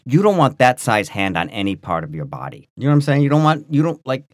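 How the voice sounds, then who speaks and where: A man co-hosting a podcast, telling a story in a rambling, animated way full of restarts and fillers. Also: medium pitch, quick pace, no room sound, clean studio sound. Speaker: podcast co-host. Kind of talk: casual storytelling chat.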